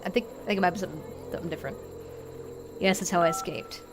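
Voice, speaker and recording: A woman streaming a game live, chatty and rambling, thinking out loud and easily moved. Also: fairly low pitch, very fast, slight background noise. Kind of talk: live gameplay commentary.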